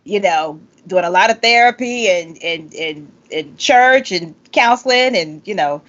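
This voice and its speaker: A woman in her forties hosting a podcast, playful and animated with quick asides. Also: lowish voice. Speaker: podcast host and singer. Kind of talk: casual interview chat. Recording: dull lo-fi audio.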